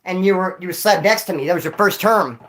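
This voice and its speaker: Man streamer, relaxed slangy storyteller, addresses a viewer on stream. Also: sits high, fairly quick. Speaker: former prisoner streamer reading chat. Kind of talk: casual livestream chat and storytelling.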